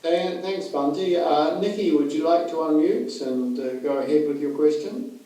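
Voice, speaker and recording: A man's voice: a little high, moderate pace, dark tone. A man moderating an online meditation group, calling on participants politely and briefly. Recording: echoey room, far from the mic.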